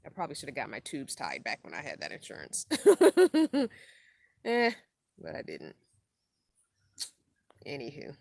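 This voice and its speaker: A woman's voice: a bass voice, huge pitch swings, moderate pace, gravelly, pauses often, a bit bright, husky, dry recording, clean studio sound. A middle-aged woman hosting a casual live stream, tired from lack of sleep, rambling laid-back and reading viewer comments aloud. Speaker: van-life vlogger hosting a live stream.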